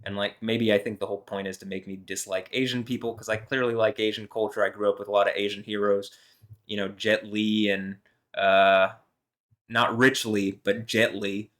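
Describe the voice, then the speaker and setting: A man's voice: fairly low pitch, little pitch movement, moderate pace, fairly bright tone. A man vlogging alone, talking in a meandering, heated way with lots of fillers and some swearing. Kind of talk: rambling solo monologue.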